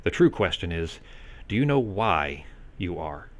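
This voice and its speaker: A man's voice: sits low, sing-song, unhurried. A man voicing a mysterious, grinning male trickster who goes by many names, speaking slyly and theatrically. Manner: sly, theatrical, sing-song at times.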